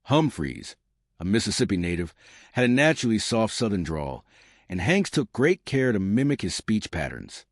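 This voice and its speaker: A man's voice: lowish voice, sing-song, moderate pace, no room sound, clean studio sound. A man reading scripted narration for a countdown list video.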